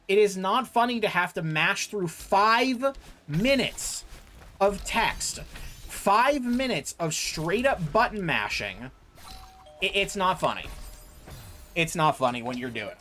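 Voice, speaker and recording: A man's voice: high voice, a bit bright. A young man streaming a game, ranting in frustration and repeating himself as he plays. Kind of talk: gameplay commentary.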